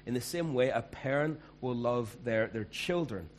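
A man's voice: mid-range voice, lively intonation, moderate pace, slight background noise. A man preaching a sermon as pastor, conversational and emphatic.

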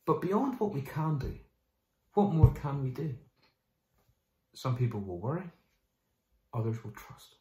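A male pastor delivers a lively, conversational sermon, occasionally mimicking people in quick asides. His voice sits in the mid range, and the sound is roomy.

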